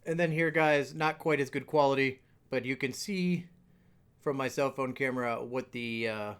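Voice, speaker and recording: A man's voice: mid-range voice, normal speed, a bit bright, slight background noise. A young adult man hosting a casual home cooking video, walking viewers through a recipe with jokey asides in a home kitchen.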